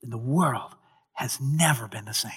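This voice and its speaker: A male pastor preaching a sermon, retelling a scripture story with dramatic emphasis and occasional loud peaks. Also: mid-range voice, normal speed, slightly rough.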